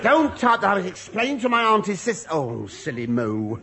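Older male comic, camp and flustered patter, animated delivery, live audience behind. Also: high voice, moderate pace, a faint crowd. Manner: camp, innuendo-laden, mock-flustered. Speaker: stand-up comedian. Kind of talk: comic monologue with sketch dialogue. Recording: live audience recording with noise. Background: audience laughter.

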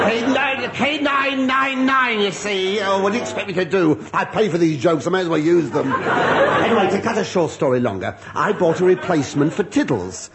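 A man's voice: on the high side, very noisy. A man telling a rambling, self-mocking comic monologue with muttered asides. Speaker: comedian.

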